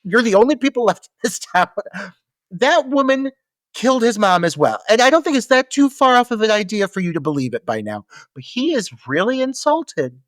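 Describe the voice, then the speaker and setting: Animated man, lively pitch, dry sound. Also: moderate pace, dry recording. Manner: animated, profane, laughs while recapping. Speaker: podcast co-host. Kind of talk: casual movie-review chat.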